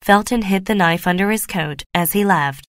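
A woman narrating a graded reader audiobook in a clear, steady, measured way. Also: mid-range voice, dry recording, studio quality.

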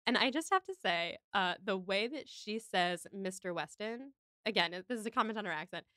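A podcast co-host recaps a film scene by scene in a casual, enthusiastic ramble. Her woman's voice is smooth and resonant, and the sound is close and dry. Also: mid-range voice, fairly quick, pushed and bright, no echo.

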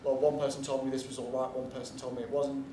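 A man's voice: mid-range voice, level tone, fast talker, dark tone, slight background noise. Blunt, chatty man in an echoey hall. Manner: chatty, blunt, digressive, swears casually. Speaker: convention panelist. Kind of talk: informal convention panel talk. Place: convention panel room. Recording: echoey room from far off, faint ambience.

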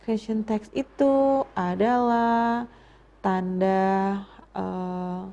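A woman with an Indonesian accent teaching an English lesson in a live online class, patient and explaining slowly with many repeats. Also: mid-range voice, fairly even intonation, dark tone, dull audio.

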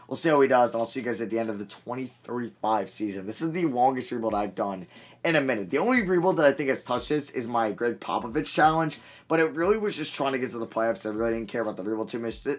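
Video game commentator, man, relaxed and chatty, thinks aloud, average pitch. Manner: chatty, thinks aloud, mild self-corrections. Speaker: gaming video creator. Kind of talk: casual gameplay commentary.

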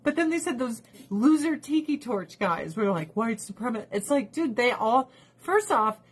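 A woman's voice: a little high, lively intonation, normal speed, breathy edge. A woman vlogger giving casual, sarcastic ranting commentary, laughing often and talking to her pets and viewers.

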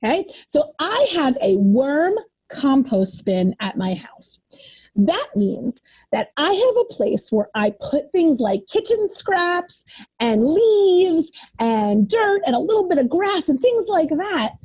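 Animated woman teacher reading to preschoolers. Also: sits high, slow. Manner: animated, exaggerated, sing-song for young children. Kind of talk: reading a picture book to preschoolers.

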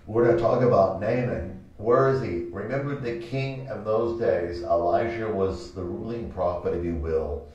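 A man hosting a pastoral talk show, telling a Bible story in an animated way and acting out the quotes. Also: lowish voice, moderate pace, hardly any pauses. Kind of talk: preaching talk-show chat. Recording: echoey room, mic from a distance, dull sound.

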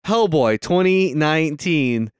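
A young man co-hosting a casual movie podcast, excitable and quick to swear and laugh. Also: fairly high pitch, clean tone, no room sound, clean studio sound. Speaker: podcast co-host. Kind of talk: casual movie-watching chat.

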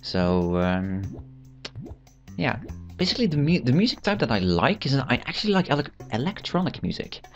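A man's voice: medium pitch, sing-song, normal speed, lo-fi sound, soft background music. A teenage boy giving rambling, self-amused gameplay commentary, full of fillers and restarts. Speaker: channel host.

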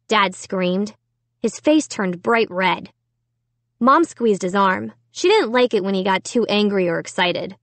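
A woman narrates a first-person storybook, reading slowly and deliberately. Her voice sits at a middle pitch, and the recording is close and dry with no room sound. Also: a bit bright, dry recording. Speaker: audiobook narrator.

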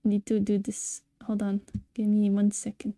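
A woman's voice: mid-range voice, completely flat delivery, normal speed, dark tone, no room sound, clean studio sound. A woman streamer chatting casually with viewers while she plays, laughing often. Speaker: gaming streamer. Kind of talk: casual live-stream gameplay chat.

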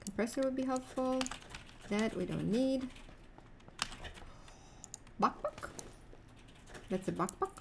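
A young woman with a fairly high voice talks while she plays a game on a live stream. She chats rambling and giggly with her viewers and a teammate. Faint noise sits under her voice. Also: slow pace, vocal fry, pauses often. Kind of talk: casual live-stream chat while gaming.

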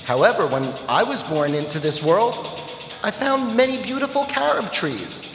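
A man voicing a calm, patient elderly woman gardener who speaks slowly and gently. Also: high-pitched, heavily acted. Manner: slow, gentle, measured. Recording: echoey hall with long reverb.

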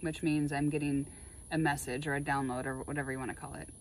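A woman chatting casually while laying out tarot cards, excitable and full of spiritual musings. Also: low-pitched, fast talker, a little hiss or hum, rough recording. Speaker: tarot reader.

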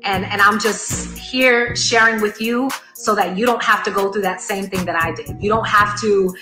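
A woman's voice: medium pitch, steady tone, normal speed, pushed and bright, roomy sound, faint music behind. A woman giving an earnest, emphatic commentary, explaining things to her audience. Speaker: commentator and former cult member. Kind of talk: commentary monologue.

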